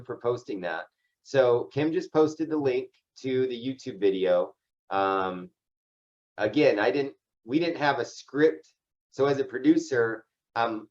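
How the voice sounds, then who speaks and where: A man's voice: on the low side, dull audio. A man leading an insurance agency's training call, talking loosely and conversationally and often tagging his points with "right?". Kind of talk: casual team training talk.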